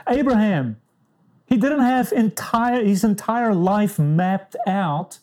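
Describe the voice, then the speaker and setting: A woman's voice: medium pitch, expressive, slow, a little mellow. A woman preaching a sermon in an emphatic way, stressing short clipped words. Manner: emphatic, clipped one-word commands.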